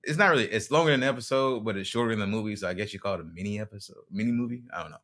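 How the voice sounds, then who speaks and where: A man's voice: lowish voice, racing, fairly bright tone. A man co-hosting a podcast, earnestly laying out news and opinions in casual chat. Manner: earnest, explains news and gives opinions, frequent restarts. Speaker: podcast co-host.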